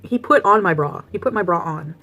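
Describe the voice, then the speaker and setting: A woman's voice: fairly low pitch, animated, a little fast, pushed and bright, faint music behind. Chatty woman vlogging from her car. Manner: chatty, laughing often, eating between sentences. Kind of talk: casual storytime and car mukbang. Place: parked car.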